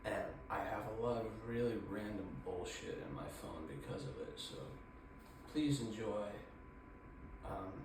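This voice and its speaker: A man vlogging casually about life at home, rambling with crude deadpan jokes. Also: fairly low pitch, a little slow. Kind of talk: casual vlog chat. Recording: distant echoey room with noise.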